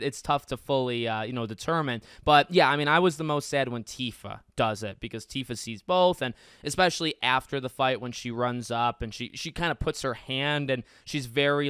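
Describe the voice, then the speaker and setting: A young podcast host with a medium-pitched, clear and resonant voice talks casually but emphatically about a video game, often restarting his sentences. His delivery is animated, and the recording is dry and studio quality.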